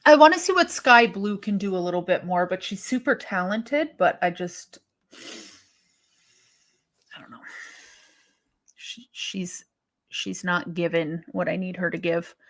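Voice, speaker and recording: A woman's voice: lowish voice, animated, measured pace, pauses often, a bit bright. A woman co-hosting a wrestling live stream, chatting casually and thinking aloud with sighs and restarts as she reacts to viewer comments.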